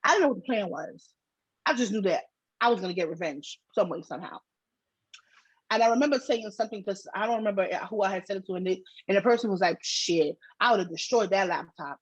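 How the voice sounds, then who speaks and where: A middle-aged woman, co-hosting a podcast and telling a long story in a casual, slangy, animated way. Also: mid-range voice, fast, slightly rough, dry recording. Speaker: podcast co-host. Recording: dull, slightly lo-fi sound.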